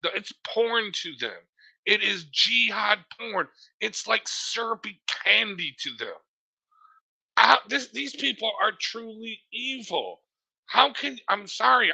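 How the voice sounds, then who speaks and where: A man's voice: sits high, lively intonation, unhurried, gravelly, sharp tone, slightly rough, low-quality recording. A man in a heated political discussion, emphatic and blunt. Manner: emphatic, terse agreements. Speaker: discussion group participant.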